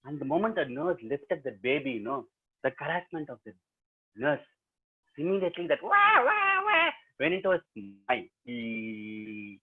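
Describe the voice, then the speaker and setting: A man's voice: medium pitch, lively intonation, normal speed, slightly rough. A man with an Indian English accent telling a story animatedly to students over a webinar, quizzing the audience as he goes. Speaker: professional storyteller. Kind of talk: live oral storytelling to students. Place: remote webinar, home setup. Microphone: video call. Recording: tinny webinar call audio.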